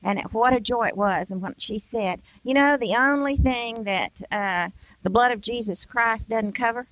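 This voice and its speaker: A woman's voice: fairly high pitch, moderate pace, a bit bright, no echo. An older woman speaker giving an emphatic Christian devotional talk, acting out everyday excuses in quoted voices. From United States. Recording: dull, dry sound.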